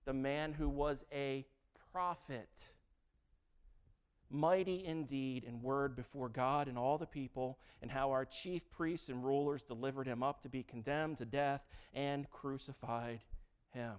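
A male preacher delivering a sermon with emphatic, drawn-out phrasing and a sarcastic, playful sense of humor. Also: mid-range voice, steady tone, clear, resonant tone.

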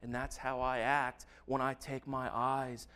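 A man preaching a sermon, reading scripture slowly and earnestly with emphatic stresses. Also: medium pitch, level tone, a bit bright, clean tone. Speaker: pastor.

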